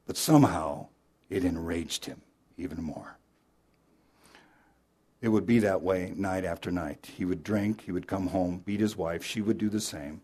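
A male pastor preaching an Easter sermon, telling a story dramatically and moving between loud emphasis and hushed, earnest appeals. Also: low voice, a little slow, long pauses, slightly rough.

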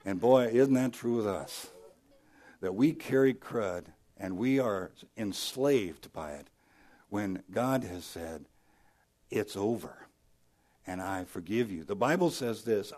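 Dynamic preacher man, loud then hushed. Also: lowish voice, expressive, slow pace. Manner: storytelling, dynamic, swings from loud emphasis to soft hushed lines. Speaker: pastor. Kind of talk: sermon.

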